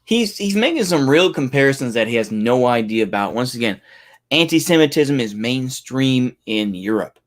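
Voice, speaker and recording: A man's voice: mid-range voice, animated, moderate pace. A man giving heated, profane reaction commentary, incredulous and swearing often.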